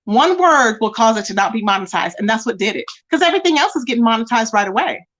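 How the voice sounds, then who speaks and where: A woman's voice: on the high side, animated, fast talker, fairly bright tone. A woman hosting a casual live stream, chatting with viewers and reading their comments, calling them baby and child.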